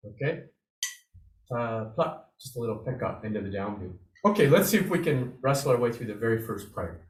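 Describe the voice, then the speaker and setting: An upbeat man teaches snare drumming over a video call, encouraging and vocalizing the rhythms aloud. His mid-pitched voice sounds roomy and a little distant from the mic. Faint drumming sits behind him. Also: expressive, a little fast, background noise. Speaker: drumming instructor. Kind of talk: online drum lesson.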